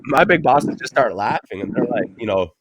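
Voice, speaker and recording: A man's voice: mid-range voice, expressive, moderate pace, background noise. A man in his thirties hosting a podcast, telling stories in loose casual chat, swearing freely and filling gaps with "like" and "you know". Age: 30s. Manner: loose, profane storytelling with many fillers. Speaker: podcast host.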